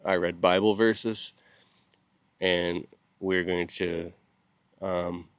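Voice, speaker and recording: Speaking straight into the camera, this grieving video channel host has a low, smooth voice and a level tone, breaking off often and repeating himself in heartfelt, casual talk. Lack of sleep has left him worn out. The recording is close and dry, with no room sound.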